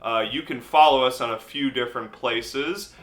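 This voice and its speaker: A man's voice: medium pitch, normal speed. A man co-hosting a casual podcast, talking in a playful, profane, rambling way. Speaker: podcast co-host. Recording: roomy echo.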